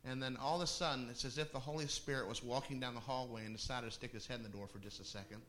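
A man's voice: mid-range voice, steady tone, fast talker, fairly bright tone. A middle-aged male pastor telling a personal story in a sermon, conversational, with laughing asides and restarts.

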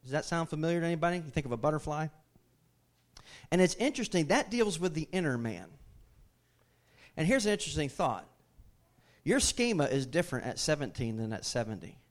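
A man's voice: a little high, big pitch swings, fairly quick, pauses often. A male pastor, preaching a sermon that moves from easy teaching to fervent, raised delivery. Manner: builds from conversational teaching to impassioned raised preaching.

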